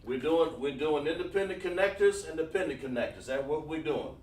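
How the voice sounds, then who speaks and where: A man's voice: a little high, animated, brisk, a little mellow. A man teaching an online lesson, coaxing students with repeated questions. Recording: echoey room, far from mic.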